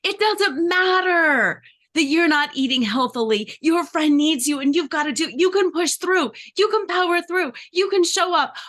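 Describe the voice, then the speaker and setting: A woman's voice: very high-pitched, normal speed, a bit bright, pitched above the performer's own voice. A woman voicing a relentlessly upbeat inner cheerleader, pushing with toxic positivity. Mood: gushing. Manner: gushing, pushy toxic positivity.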